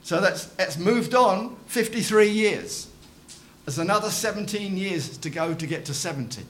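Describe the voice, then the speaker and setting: A man's voice: high voice, animated, moderate pace, fairly bright tone. A man preaching a sermon in church, emphatic, repeating his phrases and calling for amens.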